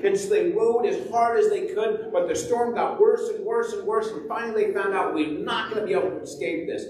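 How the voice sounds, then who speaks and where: A man as pastor, telling a Bible story to children in an animated way and acting out its voices. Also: high-pitched, a little fast, hardly any pauses. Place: church sanctuary. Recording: echoey church from far off.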